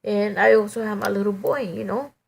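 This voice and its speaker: A middle-aged woman giving a halting, emotional personal testimony, full of "you know" and restarts. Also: mid-range voice, steady tone, gravelly, husky.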